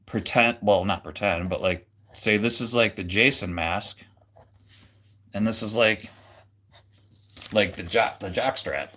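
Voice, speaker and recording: A man's voice: on the low side, a little slow, long pauses, sharp tone. Rambling man chatting on a livestream. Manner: rambling, many fillers and restarts; jokey, goofy. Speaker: livestream host. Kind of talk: casual livestream chat.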